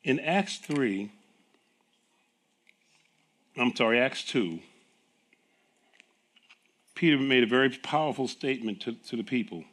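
Slow and mid-range, with long pauses, a middle-aged pastor's voice carries his sermon. He tells animated stories, performing the dialogue and frequently laughing.

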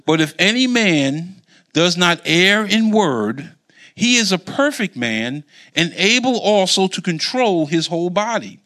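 Man preaching, high voice, bright, quizzing the congregation. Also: lively intonation, unhurried. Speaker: Bible teacher. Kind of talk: sermon with call-and-response.

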